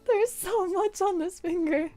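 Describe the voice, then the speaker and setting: A sick young woman streaming from her desk at home, rambling casually and swearing, with sudden loud yelps. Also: extremely high pitch, unhurried, faint music behind. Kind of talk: casual chat while painting nails.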